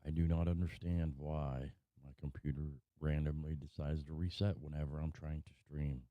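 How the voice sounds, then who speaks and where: Very deep-voiced man, cursing streamer. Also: little pitch movement, moderate pace, no room sound. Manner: frustrated, cursing often. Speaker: live stream host. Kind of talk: casual chat. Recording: dry, tinny phone-like sound.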